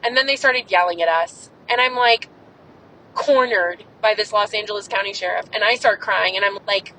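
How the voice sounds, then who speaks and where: A woman's voice: mid-range voice, normal speed, pushed and bright, slight background noise, poor audio. Furious, swearing woman podcast host. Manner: angry, profane, emphatic. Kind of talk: impassioned monologue.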